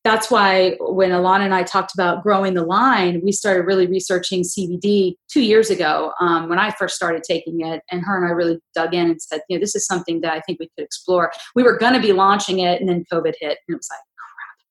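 Animated woman host in a roomy space. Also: lowish voice, a little fast, few pauses. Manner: animated storyteller, acts out quotes. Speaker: podcast host. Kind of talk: casual chat.

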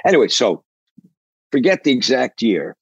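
Older drummer from Canada as interview guest, husky voice, rambling anecdotes, dry close sound. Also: male voice, medium pitch, moderate pace, no echo, dull audio. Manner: rambling, animated, profane, restarts sentences. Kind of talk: storytelling interview.

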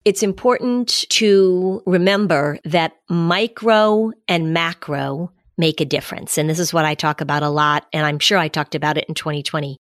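A woman speaking as an expert guest on a podcast, giving measured advice and repeating key phrases to explain them. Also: sits low, no echo, studio quality.

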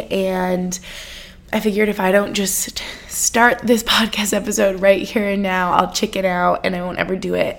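A woman's voice: medium pitch, vocal fry. A woman hosting a personal podcast, chatting in a rambling way with lots of fillers and nervous laughs, sounding a little congested. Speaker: podcast host.

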